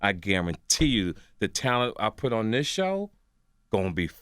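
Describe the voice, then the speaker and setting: Older male comic, animated radio storyteller, bright forceful voice, close dry studio mic. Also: on the low side, normal speed, clear, resonant tone, dry recording. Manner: excitable storyteller, acts out other voices, laughs while talking. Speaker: guest comedian.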